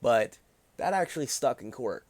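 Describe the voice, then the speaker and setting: A man's voice: medium pitch, expressive, normal speed, darkish tone, no room sound. A young man from Pennsylvania telling a personal story on a livestream in a rambling, profane, indignant way, with many fillers.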